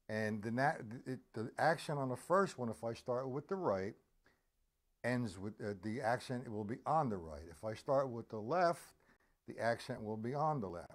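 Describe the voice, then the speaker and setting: A man teaching a drum lesson on a live stream, patiently explaining rudiments and counting the beats aloud. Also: mid-range voice.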